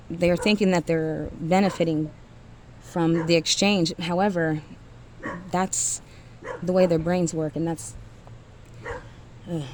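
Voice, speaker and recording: A woman's voice: fairly low pitch, a little mellow, slight background noise. A woman giving a blunt, profane motivational rant to single mothers, emphatic and often trailing off with sighs.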